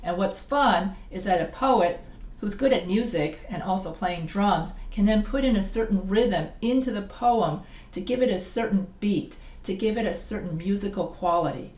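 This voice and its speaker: A woman's voice: mid-range voice, moderate pace, darkish tone. A woman giving a recorded lecture as a teacher, casual and self-deprecating, often restarting her sentences. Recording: echoey room.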